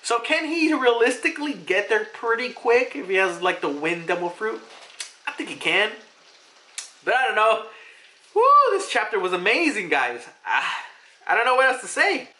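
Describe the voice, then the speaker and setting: A young adult fan reviewing a manga chapter in a rush of excitement, cursing and laughing as they go. The voice is bright and forceful, and the pitch leaps up and down all the way through. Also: normal speed. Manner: hyped, swears freely, laughs often. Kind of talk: excited casual commentary.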